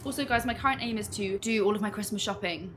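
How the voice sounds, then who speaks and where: A young woman, chatting casually at home while unboxing a clothing haul in an excitable, gushing way. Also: mid-range voice, quick pace, background noise. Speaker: vlogger.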